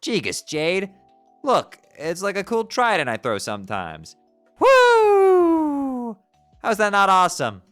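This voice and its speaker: A man's voice: a little high, wildly swooping pitch, measured pace, fairly bright tone, faint music behind, pitched above the performer's own voice, full character voice. A man voicing a bubbly, regal teenage sea-troll princess who drops "glub" into her speech as he reads a webcomic aloud. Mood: playful.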